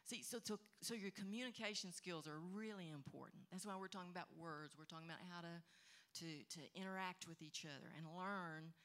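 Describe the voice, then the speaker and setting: A woman pastor giving marriage advice on a panel, animated, acting out husbands and wives in quick quoted lines. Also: fairly low pitch. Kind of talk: animated teaching talk.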